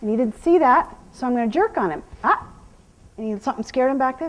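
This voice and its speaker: A middle-aged woman horse trainer explaining groundwork outdoors, calmly talking viewers through each step and praising the horse. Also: high voice, fast, poor audio. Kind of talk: instructional clinic talk while working a horse.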